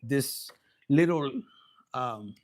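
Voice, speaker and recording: A man giving a casual livestream tarot reading, profane and animated, dropping into Spanish slang. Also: medium pitch, extremely slow. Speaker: tarot reader.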